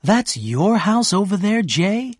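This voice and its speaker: A man voicing an excited, emotional young wealthy woman in a storybook reading, gushing and breathless. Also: a little high, a little slow, dry recording, clean studio sound, voice pushed up.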